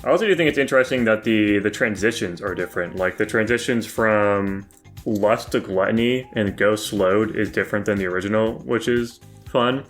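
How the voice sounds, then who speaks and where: A man's voice: fairly low pitch, moderate pace, faint music behind. A man co-hosting a podcast, casually recounting how he listened to an album. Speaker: podcast co-host reviewing an album. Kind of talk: casual chat.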